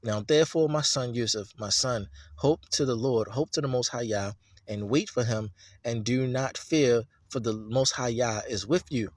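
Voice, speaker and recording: A man reading aloud as the spirit of a grieving mother speaking from beneath the ground, in a slow, hushed, mournful way. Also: mid-range voice, no echo, voice pushed down, lightly acted. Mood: mournful, tender.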